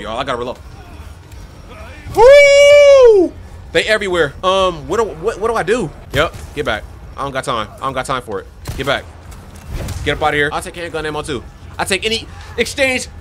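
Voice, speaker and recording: A young man giving excitable let's play commentary on a horror game, talking to his viewers and yelling at enemies on a desk microphone. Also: on the high side. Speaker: gaming youtuber.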